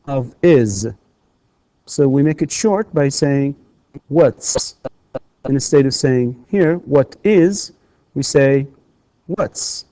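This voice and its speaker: A man whose first language is Arabic lectures in a recorded university English lesson. His voice is mellow and sits at an ordinary male pitch, recorded close and dry. He stumbles through fillers and then models questions with a markedly rising, teacherly lilt. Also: no room sound. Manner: hesitant, many filler sounds and restarts.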